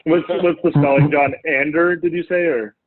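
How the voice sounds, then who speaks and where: A man playing a tabletop game, talking in an animated, playful way over an online call. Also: on the high side, normal speed. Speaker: player. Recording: phone-like online call audio.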